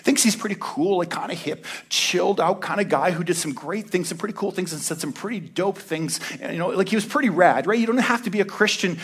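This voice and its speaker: A man preaching a casual sermon as pastor, talking in a laid-back, slangy way with lively storytelling. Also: sits high, a little fast, few pauses, breathy edge.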